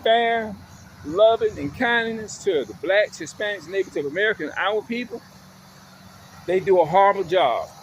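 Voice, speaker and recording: Swearing as he presses each point, a man delivers a forceful, repetitive rant straight to his viewers. He speaks in a high, animated voice at a normal pace, and a little background noise can be heard.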